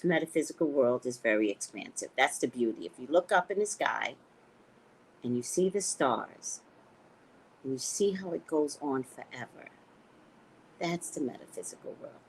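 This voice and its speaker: An American woman hosting a casual livestream, chatting with viewers and telling stories in a playful, profane, animated way. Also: normal speed, breathy edge, rough recording. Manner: animated storytelling with sharp pitch jumps, profane and playful. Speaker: psychic and livestream host. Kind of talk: casual livestream chat reading comments.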